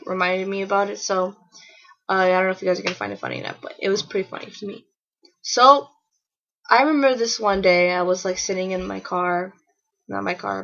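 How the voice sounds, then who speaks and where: A young woman telling funny stories in a casual vlog, full of "like" and fillers, jumping into a high voice to act out quotes. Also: bright, forceful tone. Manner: chatty, lots of fillers, acts out quotes in a high voice. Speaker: vlogger. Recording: dull lo-fi webcam audio.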